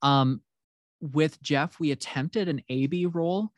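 A man talking casually about co-writing and editing, relaxed and hesitant, with many fillers and restarts. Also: fairly high pitch, slow, no echo. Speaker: co-writer and editor. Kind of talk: casual podcast conversation.

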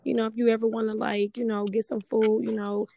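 A woman's voice: fairly high pitch, little pitch movement, brisk, vocal fry, warm tone, slight background noise, pitched above the performer's own voice. A woman putting on a young Jamaican neighbor. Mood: friendly. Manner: easygoing, filler-heavy offer.

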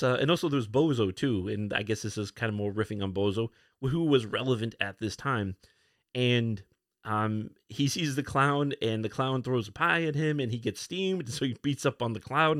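A man hosting a podcast alone, casually retelling comic book issues, with many fillers and quick put-on lines for the characters. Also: medium pitch, dry recording, studio quality. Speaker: podcast host.

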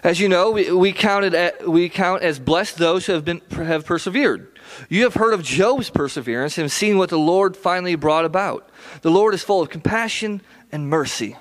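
A man preaching in an easy, conversational way, his voice sitting a little high for a man. He pleads with the listeners, repeats himself and often restarts his words as he explains a scripture passage. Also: fairly bright tone. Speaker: pastor. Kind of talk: sermon.

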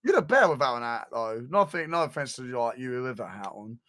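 A man's voice: medium pitch, big pitch swings, brisk, fairly bright tone. Brief: twenties male streamer, joking and rambling, everyday mid voice. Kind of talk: casual streaming chat.

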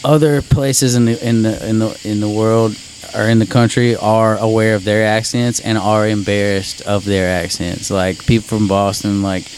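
Man, Central Louisiana drawl, low voice, rambling, emphatic, casual chat, faint hiss. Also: flat delivery, moderate pace, a little mellow, rough recording. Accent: Central Louisiana Southern drawl. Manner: rambling, emphatic, swears freely.

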